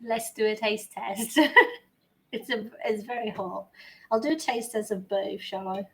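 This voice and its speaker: A young woman chatting to her live-stream viewers as she bakes in her kitchen, excitable and sweary, often drifting away from the mic. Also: mid-range voice, unhurried, a little hiss or hum. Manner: chatty, sweary and excitable, talking to chat while baking. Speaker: baking livestreamer. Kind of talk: casual live-stream chat. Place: home kitchen. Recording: echoey kitchen with faint ambience.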